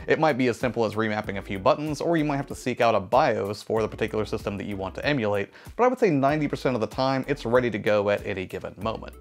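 A young man talks quickly in a low voice, hosting a tech video with a relaxed, chatty voice-over. He narrates a scripted overview and sometimes stops to correct himself. Faint music plays underneath.

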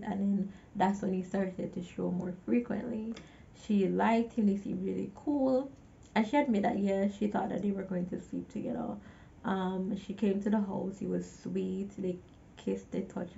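A woman recaps a film in a loose, chatty way and keeps breaking off to vent at the viewer. Her voice is gravelly and mellow. The recording sounds a little dull and lo-fi. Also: mid-range voice. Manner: chatty, exasperated asides to the viewer. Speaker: movie reviewer. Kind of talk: casual movie recap.

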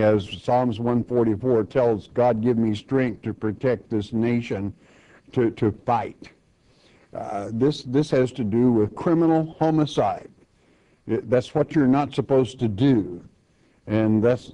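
An older man, teaching a Bible chapter in a homespun, plainspoken way, with halting restarts. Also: mid-range voice, mellow. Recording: dull lo-fi recording.

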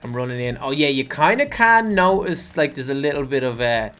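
A man chatting casually while playing a building game, thinking aloud and breaking into loud panicky bursts. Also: mid-range voice, lively intonation, fairly quick, faint music behind. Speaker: gaming channel host. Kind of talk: casual gameplay chat.

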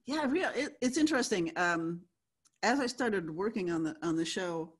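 An older woman spins stories for a panel audience in a loose, conversational way. She often laughs partway through her anecdotes, with an even, medium-pitched voice. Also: moderate pace, breathy edge. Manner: chatty, laughs while telling stories. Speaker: guest writer. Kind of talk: anecdotal storytelling.

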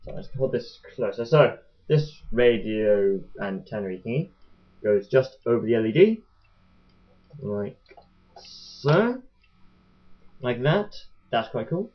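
A man's voice: medium pitch, lively intonation, takes it slowly, long pauses. A young man chatting casually as he unboxes a toy boat, rambling and joking to his webcam. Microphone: webcam mic. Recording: dull lo-fi webcam audio.

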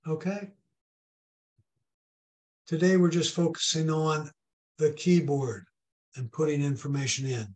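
A man's voice: a little high, fairly even intonation, measured pace, pauses often, darkish tone. A man teaching a hands-on technology class in a patient, folksy way, checking in often with the group. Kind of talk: hands-on tech lesson with a told joke.

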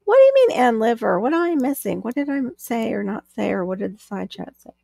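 A woman's voice: a little high, very animated, fast, creaky, warm tone, no echo, clean studio sound. A woman co-hosting a casual live stream, chatting, reading out viewer comments and laughing often.

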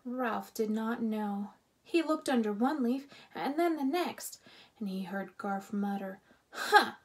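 A woman reading a children's book aloud as narrator, expressive and unhurried. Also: on the high side.

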